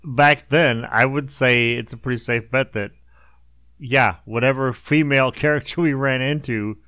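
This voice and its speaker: A man hosting a casual chat, telling crude, animated jokes. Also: medium pitch, moderate pace, clean tone, no room sound.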